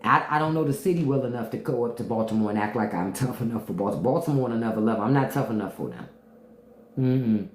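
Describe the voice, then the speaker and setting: A low-voiced woman with a D.C. chats candidly on a livestream, her pitch swinging up and down as she talks. She laughs often and drops into imitations of how people speak in other cities. The room is echoey around her. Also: animated, fast talker, a little mellow. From Washington, D.C. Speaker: podcast host on a livestream. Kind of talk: casual livestream chat answering viewers.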